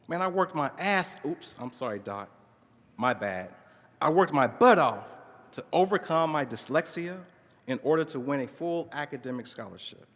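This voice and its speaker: A man's voice: fairly high pitch, expressive, moderate pace, a bit bright. A man at a conference reading a narrative aloud with expression, acting out the dialogue in shifting voices. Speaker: conference speaker reading a case story. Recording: long reverb of a large hall.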